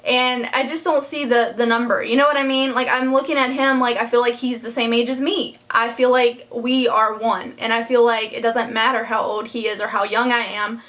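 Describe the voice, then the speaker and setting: A young woman recounts her personal life in a storytime vlog, her fairly bright voice sitting on the high side with little pitch movement, at normal speed with few pauses. She's heartfelt and near tears, rambling through many fillers and restarts.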